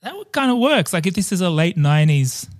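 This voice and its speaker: A man co-hosting a podcast in casual chat, playful and quick to laugh. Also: high voice, big pitch swings, dry recording, studio quality. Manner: playful, laughs often, chatty with restarts. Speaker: podcast co-host.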